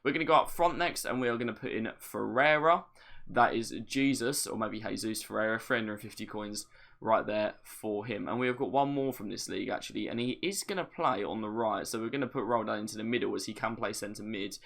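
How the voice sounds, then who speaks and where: A young man talks through a game tutorial in a relaxed, chatty way, explaining each step plainly. His voice sits on the low side and has a gravelly, fried edge. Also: a little fast. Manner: chatty, explains steps plainly, light self-deprecating asides. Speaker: gaming video creator. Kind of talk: casual gameplay tutorial commentary.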